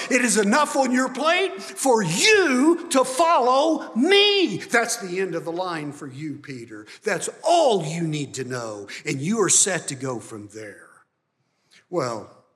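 A man preaching a sermon, emphatic and climbing high and loud on key points, then dropping soft. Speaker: pastor. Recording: long hall reverb.

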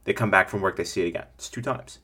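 Guy with a lowish voice doing a business coaching podcast, talks fast and rambly, keeps acting out his customers. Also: bright, forceful tone, slightly rough. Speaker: podcast host. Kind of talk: casual business coaching talk.

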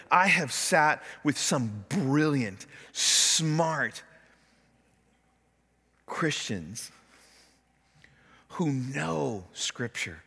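A man preaching a sermon as pastor, animated, acting out the complaints and prayers he quotes. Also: mid-range voice, breathy edge, long reverb tail. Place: church sanctuary.

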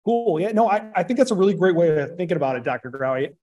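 An upbeat man with a somewhat higher voice hosts an educational podcast. He introduces guests warmly and moves the conversation along with questions. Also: expressive, fast talker, lo-fi sound. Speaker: podcast host.

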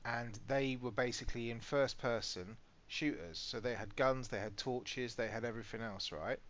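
Chatty and animated, a British podcast co-host spins stories in casual conversation, cursing without restraint. He speaks in a mid-range voice at a moderate pace, over slightly muffled podcast audio.

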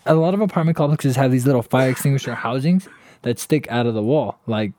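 A man's voice: medium pitch, fast, dark tone, a little hiss or hum. A young man from Southern California telling a funny story in a casual chat with friends, swearing and laughing often.

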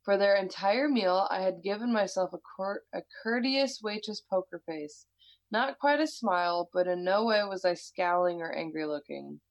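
A woman's voice: medium pitch, moderate pace, low-quality recording. A woman with an American accent, casually chatting and reading a listener's story aloud, laughing often and swearing freely. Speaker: podcast co-host.

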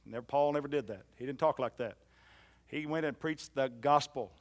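A man preaching a sermon in a church, swinging from loud emphatic lines to soft low ones and repeating phrases for emphasis. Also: normal speed. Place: church hall.

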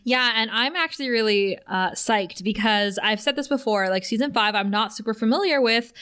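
A woman's voice: a little high, moderate pace, clear, resonant tone. A woman co-hosting a podcast, chatting casually and animatedly as she recaps a TV episode. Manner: chatty, animated, laughs often. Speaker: podcast co-host.

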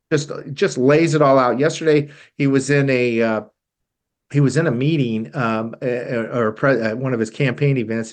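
A man hosting a talk show in a studio, delivering an emphatic, indignant political commentary monologue with frequent halting restarts. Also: mid-range voice.

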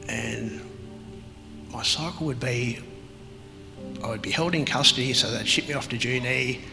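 A man telling his life story as an interview guest, halting and reflective, with many pauses and fillers. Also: mid-range voice, vocal fry, long reverb tail, low-quality recording. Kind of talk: personal testimony in an interview.

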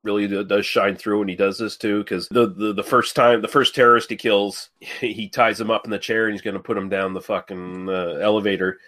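A man's voice: fairly low pitch, little pitch movement, fairly quick, hardly any pauses, a bit bright. A man co-hosting a casual film podcast, rambling with fillers and casual swearing. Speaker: podcast co-host. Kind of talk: casual movie discussion.

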